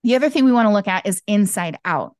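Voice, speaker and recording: A woman guest talking candidly in an interview over a video call, expressive and acting out the voices she quotes. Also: mid-range voice, fast talker, dry recording, studio quality. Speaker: podcast guest, intuitive business owner. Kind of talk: candid conversational interview talk.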